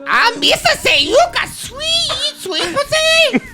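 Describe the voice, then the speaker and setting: A man's voice: sing-song, takes it slowly, full character voice. A man doing a lewd, giggly impression of a silly alien creature on a podcast. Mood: goofy, giggly. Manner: high, lilting and giggly.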